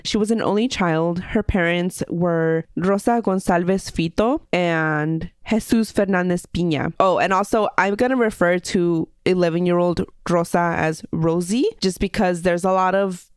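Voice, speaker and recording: A woman hosting a casual true-crime podcast, chatty and quick to laugh while she tells the case. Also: fairly low pitch, smooth, dry recording, clean studio sound. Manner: chatty, giggly, jokey asides. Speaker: podcast host, storyteller.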